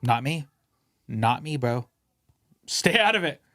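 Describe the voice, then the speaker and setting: A young man co-hosting a casual podcast, telling stories in an animated way with lots of slang and swearing, sometimes mimicking other people's voices. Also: medium pitch, slow, dry recording, clean studio sound. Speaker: podcast co-host.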